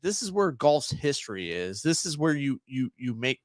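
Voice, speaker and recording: Deadpan male podcast co-host. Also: medium pitch, normal speed, no room sound. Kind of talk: casual chat.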